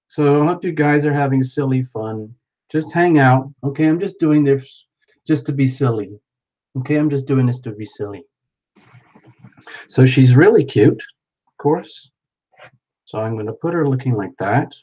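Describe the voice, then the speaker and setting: A man's voice: mid-range voice, moderate pace, long pauses, darkish tone. A playful man chatting with his live viewers as he paints, narrating each step with frequent exclamations. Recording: dull lo-fi sound.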